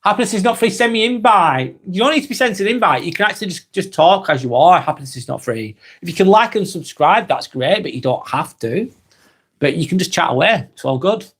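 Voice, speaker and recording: A man in his forties with an East Lancashire accent, hosting a live stream and reading out viewer comments in a slow, halting way with many ums. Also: high voice, lively intonation, fairly bright tone, breathy edge. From England. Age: 40s.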